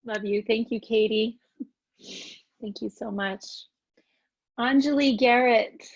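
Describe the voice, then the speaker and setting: Slow-talking woman yoga teacher, laughing. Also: fairly high pitch, slightly rough. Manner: laughs often between remarks. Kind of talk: hosting an online graduation. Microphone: video call. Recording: dull lo-fi video call audio.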